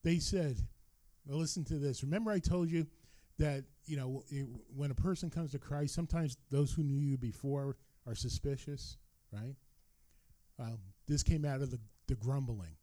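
A man's voice: normal speed, dry recording. A man preaching a sermon, reading scripture aloud and breaking in with his own asides. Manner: expressive Bible reading with asides, animated rises and drops in pitch.

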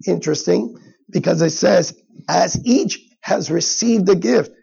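A high, gravelly male pastor preaches in an easy, conversational way and slips into little acted asides. His voice is husky and the recording sounds dull and lo-fi. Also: unhurried, dark tone. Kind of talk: sermon.

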